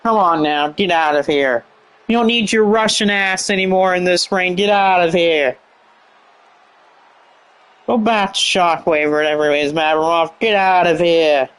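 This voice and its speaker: A man's voice: sits high, moderate pace, a bit bright, clean tone, pitched below the performer's own voice. A man voicing an angry male wrestling executive in a suit, scolding someone in a put-on Italian accent. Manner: scolding, dismissive.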